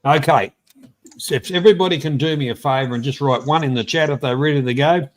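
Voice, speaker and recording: A man's voice: medium pitch, fast talker. An Australian man hosting a live trivia stream, chatting bluntly and rambling as he greets viewers by name. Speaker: livestream host. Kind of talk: casual live-stream chat.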